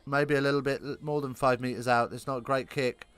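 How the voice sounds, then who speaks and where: A man calling a live rugby game, chatty and self-correcting, lifting into excited bursts on big plays. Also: mid-range voice, brisk, smooth, dry recording, faint music behind. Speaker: rugby commentator. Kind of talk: live alternative play-by-play commentary.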